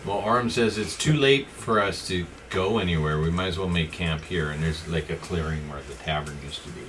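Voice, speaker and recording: A man narrating a tabletop game as the dungeon master, calm and matter-of-fact. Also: deep voice, normal speed, noisy background.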